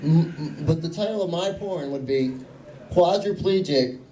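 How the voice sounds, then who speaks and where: A young man doing a stand-up comedy set, telling self-mocking stories in a deadpan way. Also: a little high, measured pace. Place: small comedy club. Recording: echoey room, voice from a distance.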